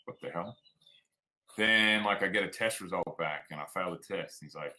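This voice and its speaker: A man's voice: low-pitched, normal speed, sharp tone, poor audio. A man with an Australian accent, telling stories frankly as a guest in a casual interview. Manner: frank and plainspoken, drops "like" and "man". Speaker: guest, performance coach.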